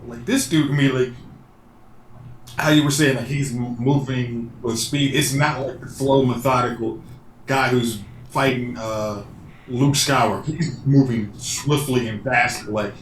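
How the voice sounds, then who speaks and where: A man co-hosting a casual podcast chat, starting haltingly with many restarts before speeding into quick bursts. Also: medium pitch, steady tone. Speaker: podcast co-host. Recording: echoey room with faint background noise.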